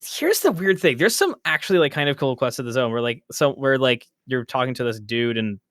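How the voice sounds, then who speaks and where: Male podcast co-host, mid-pitched, dry close sound, rambling. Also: big pitch swings, fairly quick, fairly bright tone, dry recording. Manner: rambling, self-interrupting, laughs often. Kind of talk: casual gaming podcast chat.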